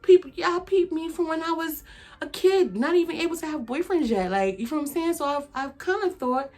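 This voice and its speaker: A woman's voice: high voice, fairly quick, darkish tone. A woman speaks in a casual storytime vlog. Her comes through as she rambles loosely. Fillers and asides to her viewers come up all the way through. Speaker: vlogger.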